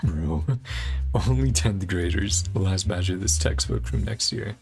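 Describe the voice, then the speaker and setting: A man's voice: measured pace, gravelly, faint music behind. A man streaming a story game, chatting casually and laughing often between dialogue lines. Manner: chatty, laughs often, low-key asides. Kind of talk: casual gameplay commentary.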